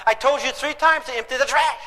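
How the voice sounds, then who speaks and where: A man's voice: very high-pitched, fairly quick, sharp tone, in a large hall. A man doing a bellowing angry father. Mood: furious. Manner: bellowing, scolding. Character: angry yelling father scolding his son.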